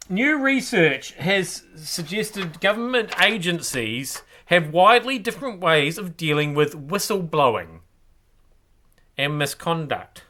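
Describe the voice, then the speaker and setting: A man's voice: high-pitched, pushed and bright. A man hosts a comic news show, rambling with hesitant restarts and wry asides. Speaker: comedy show host.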